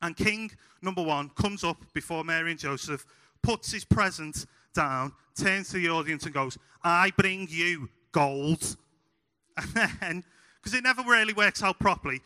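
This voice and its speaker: A young man with a Scouse accent from Liverpool, preaching a sermon told through funny, animated stories. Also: fairly high pitch, moderate pace. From Liverpool, England. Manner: humorous, animated anecdotes. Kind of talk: sermon with storytelling. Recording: hall reverb.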